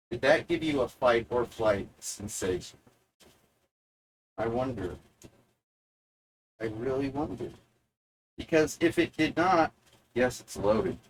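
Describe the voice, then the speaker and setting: A man delivering a provocative monologue to the viewer, sardonic and deliberate, halting often to find his words. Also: medium pitch, a little hiss or hum, poor audio. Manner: mock-lecturing, talks straight to the viewer. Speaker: video essayist.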